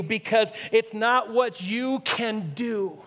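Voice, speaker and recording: A male pastor preaching a sermon with earnestness, swinging from near-shouts to hushed, low asides. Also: unhurried, few pauses. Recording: long reverb, echoey hall.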